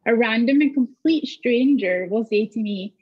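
On a discussion panel, a Scottish woman comedian tells a story and acts out the dialogue with animation. Her voice is on the high side, slightly rough, at normal speed, and the recording is muffled.

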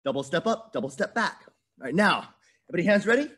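Energetic high-voiced male martial arts instructor. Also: quick pace. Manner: energetic, coaching, counting out drills. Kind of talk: virtual kids' class instruction.

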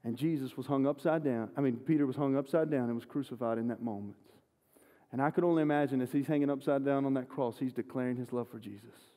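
A man preaching a sermon, an animated, self-deprecating storyteller. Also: medium pitch, fast. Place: church sanctuary. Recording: long church hall reverb.

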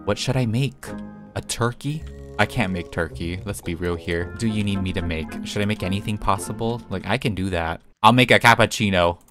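A man's voice: fairly low pitch, moderate pace, over music. A young man giving playful, chatty gameplay commentary, talking to himself as he plays and giggling often. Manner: chatty and giggly, talks to himself while playing. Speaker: gaming YouTuber.

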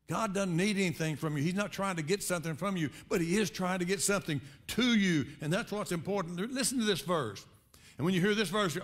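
Man preaching with rising bursts. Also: fairly bright tone. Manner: conversational preaching with sudden rises in pitch and volume. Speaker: pastor. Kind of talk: sermon.

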